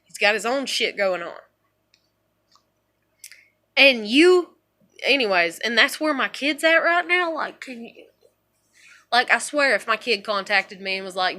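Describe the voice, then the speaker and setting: Bright high-voiced woman venting, rambling. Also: lively intonation, measured pace, pauses often. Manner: rambling, profane storytelling, swinging from low mutters to loud outbursts. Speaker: vlogger. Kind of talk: casual monologue.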